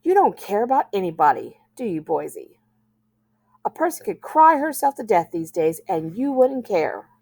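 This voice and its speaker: A woman's voice: medium pitch, sing-song, moderate pace, creaky, a little mellow, husky, no echo, exaggerated voice. A woman reading aloud voices a moody, self-pitying teenage girl who pleads and wails melodramatically. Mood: scolding.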